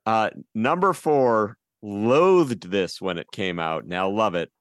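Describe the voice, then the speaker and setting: A man co-hosting a casual chat, reading out his list in a dry, deliberate way. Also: fairly low pitch, smooth, dry recording. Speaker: co-host.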